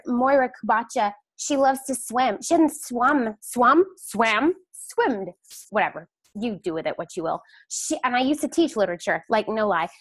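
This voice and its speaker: A woman's voice: on the high side, a bit bright, dry recording. A woman in her thirties hosting a team video call, chatty and teasing, laughing easily as she talks. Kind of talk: casual chat.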